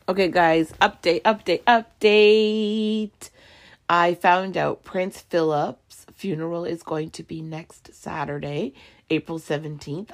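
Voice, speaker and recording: A woman hosting a solo podcast, ranting heatedly and swearing a lot. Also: low voice. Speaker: podcast host.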